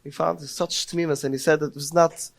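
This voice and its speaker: With a fairly high, steady voice touched by vocal fry, a middle-aged podcaster speaks a little fast. His Torah talk is heartfelt and story-driven, climbing to emotional cries whenever he quotes prayers.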